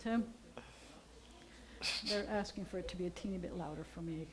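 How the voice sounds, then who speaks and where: A woman's voice: lowish voice, moderate pace, very noisy. A woman rabbi, chatting playfully as she teaches Hebrew letters at a service. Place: synagogue sanctuary.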